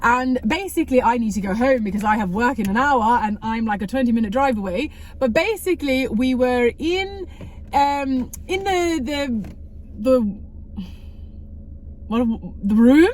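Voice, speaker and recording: A woman's voice: sits high, expressive, unhurried, darkish tone, a little hiss or hum. A young woman vlogging casually to camera, chatty and rambling with self-correcting asides. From Australia. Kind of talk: casual vlog talk to camera.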